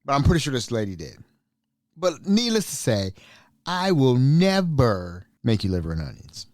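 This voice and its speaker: A man's voice: medium pitch, big pitch swings, normal speed, a little mellow, no echo, clean studio sound. A man who works as a cook, telling a story in a casual, emphatic monologue, repeating himself for effect and laughing between phrases. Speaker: cook at an elderly care facility.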